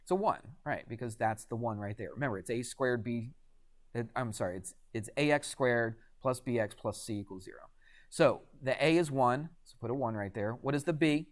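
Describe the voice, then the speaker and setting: A man's voice: mid-range voice, moderate pace. A man teaching a math class in a classroom, chatty and quizzing students with frequent questions. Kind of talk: classroom lecture.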